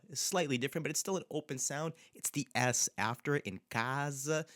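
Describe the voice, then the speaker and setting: A man teaching a bilingual pronunciation lesson, repeating example words slowly and with emphasis. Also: fairly low pitch, a bit bright. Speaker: language teacher.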